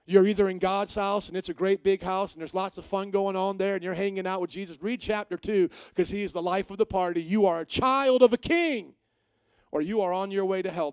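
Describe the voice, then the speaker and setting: High-voiced man preaching with fire. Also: clear, resonant tone, no room sound. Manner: animated preaching, voicing Bible figures with rising pitch. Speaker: pastor. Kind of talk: sermon.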